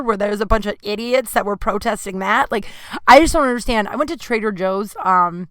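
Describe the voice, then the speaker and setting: Woman, podcast host, rambling candid chat, exasperated bursts, smooth crisp voice, dry close mic. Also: medium pitch, a little fast, dry recording. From California. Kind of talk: casual solo podcast monologue.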